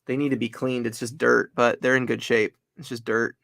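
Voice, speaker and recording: Man co-host, gravelly, laid-back livestream chatter. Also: medium pitch, little pitch movement, moderate pace, a bit bright. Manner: laid-back, talking while checking listings. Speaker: co-host of a live reselling stream. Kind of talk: casual livestream chat.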